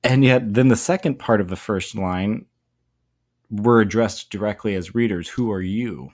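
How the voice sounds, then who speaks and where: Low-voiced man explaining a poem. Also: normal speed, a little mellow. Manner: thoughtful, explanatory, with fillers. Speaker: teacher. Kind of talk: poetry lesson talk.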